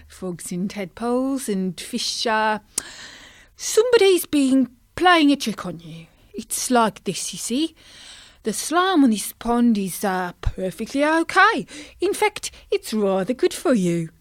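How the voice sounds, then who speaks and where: A woman's voice: on the high side, very animated, no room sound, clean studio sound. A woman doing a bashful, stammering male fish. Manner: stammering with hesitant pauses.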